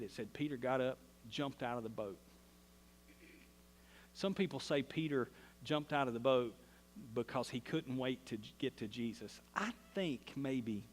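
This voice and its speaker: Southern male pastor, folksy sermon storyteller, average pitch, recorded with long church-hall reverb. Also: slight background noise. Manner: folksy storytelling, acts out quoted voices.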